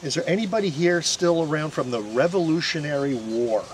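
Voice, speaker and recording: A man's voice: a little high, expressive, fairly quick. Chatty guy ghost hunting out in a field, rambles to his viewers, camera mic, faint background noise. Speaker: paranormal investigator host. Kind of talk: casual on-camera commentary. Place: outdoors in a historic park field.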